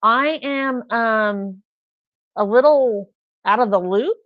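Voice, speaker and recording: A woman's voice: a little high, slow pace, dry recording. A woman hosting a casual live chat, telling rambling everyday stories. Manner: chatty, rambling storyteller. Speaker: live stream host. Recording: dull lo-fi sound.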